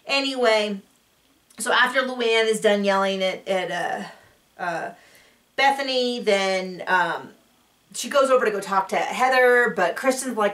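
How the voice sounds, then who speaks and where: A woman chatting casually as she recaps a show, rambling and acting out quotes in a higher voice. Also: moderate pace, creaky, fairly bright tone, distant mic. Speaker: recap vlogger.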